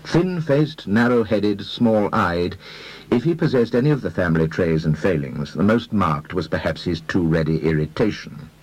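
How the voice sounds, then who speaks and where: A man narrating a classic detective story with dry, measured storytelling. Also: sits low, lively intonation, darkish tone, rough recording. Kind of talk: audiobook narration.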